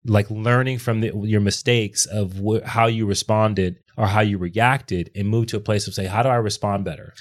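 A man's voice: fairly low pitch, steady tone, normal speed, hardly any pauses. A man co-hosting a podcast, giving advice in casual chat and explaining his ideas with rhetorical questions. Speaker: podcast co-host.

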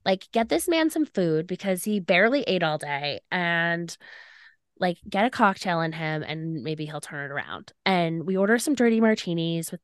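A woman's voice: fairly low pitch, moderate pace, clear, resonant tone, dry recording, clean studio sound. Chatty young woman telling a story. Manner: chatty, many "like" fillers, animated retelling. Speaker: podcast co-host. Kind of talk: casual storytelling chat.

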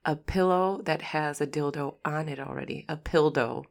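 Low-voiced giggly woman podcast host. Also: moderate pace, creaky. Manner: giggly, teasing, jokey. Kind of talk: casual chat.

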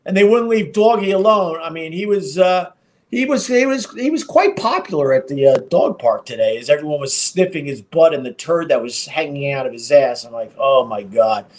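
A middle-aged man chats to his live stream audience in a loose, unscripted way. His voice sits a touch high for a man. He swears freely and stumbles through fillers and restarts. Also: animated, fairly quick, darkish tone. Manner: rambling, profane, with many fillers and restarts. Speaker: podcast and live stream host. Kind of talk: casual storytelling to a live stream.

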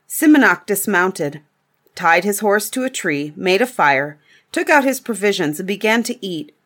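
A woman reading a fairy tale aloud in a calm, measured storybook narration. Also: mid-range voice.

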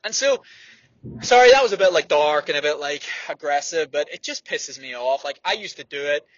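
A man's voice: on the high side, expressive, a little fast, no echo, highs cut off. A man, a distance runner, giving blunt, fired-up training advice with frequent swearing in a motivational monologue.

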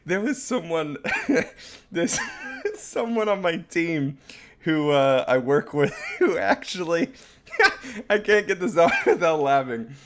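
A man's voice: a little high, huge pitch swings, slow, a bit bright. A young man co-hosting a comedy podcast, rambling through stories and laughing as he talks. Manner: rambling, laughs often mid-sentence. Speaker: podcast co-host. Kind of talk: casual comedic chat.

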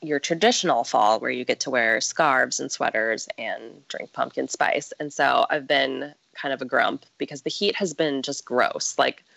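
A woman's voice: a bass voice, normal speed, vocal fry, hardly any pauses, a bit bright, no echo. A young woman from the Midwest chatting casually on a podcast, with lots of "like" and "um" as she talks. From American Midwest. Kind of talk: casual chat.

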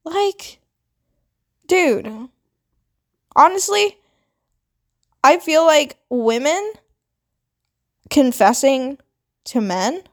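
A young adult woman vlogger telling a personal story in a casual, animated way, swearing often and full of "like" fillers. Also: high voice, very slow, pauses often. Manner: animated, dramatic retelling with quoted voices. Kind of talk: storytime monologue.

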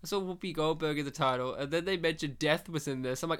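Animated jokey man with high voice jumps. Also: quick pace, clean tone. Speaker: podcast host leading a movie commentary. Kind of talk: casual movie commentary chat.

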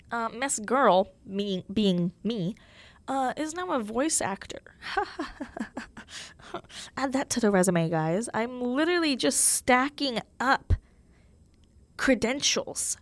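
A woman's voice: on the high side, dry recording. A young woman hosting her own podcast in a casual, chatty way, full of fillers and self-mocking humor. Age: young adult. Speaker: podcast host. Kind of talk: casual solo podcast chat.

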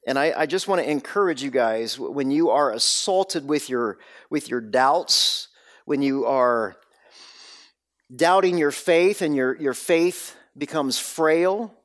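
A man preaching a sermon, telling the story with dramatic swings between loud bursts and hushed, low lines. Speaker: pastor.

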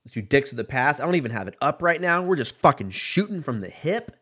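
A man's voice: mid-range voice, big pitch swings, fast, sharp tone, husky. A man in his thirties hosting a casual solo podcast, rambling and swearing freely as he riffs. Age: 30s. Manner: rambling, profane, laid-back riffing. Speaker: podcast host.

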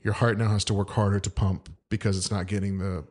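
A man's voice: lowish voice, little pitch movement, fast, a little mellow, slightly rough. A man co-hosting a podcast, telling stories in casual comedic chat and slipping into put-on accents for quotes. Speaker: podcast co-host.

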